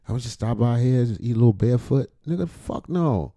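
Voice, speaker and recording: A man giving casual, profane reaction commentary, with loud outbursts and frequent laughter. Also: mid-range voice, lively intonation, fairly quick, hardly any pauses, no echo. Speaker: reaction streamer.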